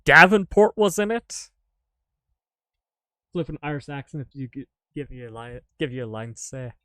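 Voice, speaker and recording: A man's voice: medium pitch, animated, normal speed, pushed and bright, clear, resonant tone, no echo. A man chatting casually to his live-stream audience while gaming, rambling, joking and swearing offhandedly.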